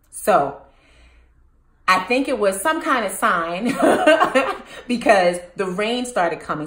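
A woman's voice: on the low side, reverberant. A woman hosting her own channel, telling a personal story to the camera and turning to ask the viewers questions. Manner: animated, addresses viewers with questions. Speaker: host.

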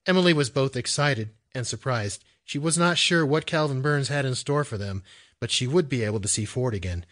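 A man giving steady scripted narration of a thriller audiobook. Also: mid-range voice, brisk.

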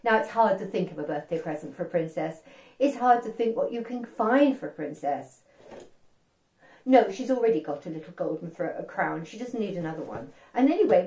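Animated woman telling children's stories. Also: lowish voice, brisk. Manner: animated, asks the young listeners questions. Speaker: storyteller. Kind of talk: children's storytelling. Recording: roomy echo.

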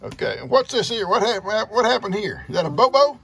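Gravelly older grandpa. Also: male voice, high-pitched, big pitch swings, a bit bright. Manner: teasing, folksy, unhurried. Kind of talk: casual chat with a grandchild. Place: outdoors on a farm. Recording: noisy outdoor recording with vehicle sounds.

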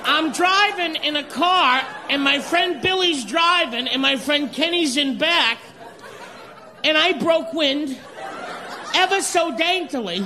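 A man telling a slow, deliberate stand-up story and acting out the characters in it. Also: very high-pitched, crowd noise. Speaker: stand-up comedian. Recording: live club with audience and noise.

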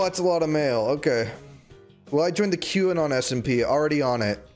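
A man's voice: on the high side, animated, normal speed, soft background music. A man livestreaming a game in casual chatter, joking around, reading chat aloud and breaking into sudden squeals and yelps.

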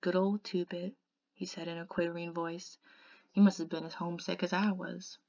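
A woman reading a novel aloud in an expressive way, softening to a hush in the quiet passages. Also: lowish voice, a little fast, gravelly. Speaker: audiobook reader. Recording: dull lo-fi recording.

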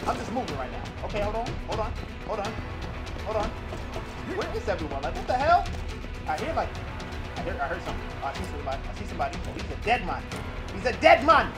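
A young gaming host talks in a high voice that swings up and down. He fires off slangy hype lines and repeats them in quick bursts. Music plays clearly behind him. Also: wildly swooping pitch. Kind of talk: hyped gameplay commentary.

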